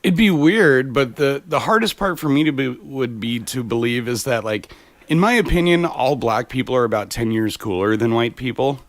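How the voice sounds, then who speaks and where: A man's voice: medium pitch, moderate pace, dry recording. A man from the United States co-hosting a podcast in casual chat, laughing often and explaining things at length. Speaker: podcast co-host.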